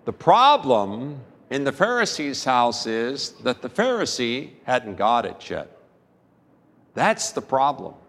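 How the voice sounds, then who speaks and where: A man preaching a sermon as pastor, telling a story slowly and emphatically with dramatic pauses, recorded in a church sanctuary. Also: medium pitch, very animated, fairly bright tone. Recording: long reverb of a large church hall.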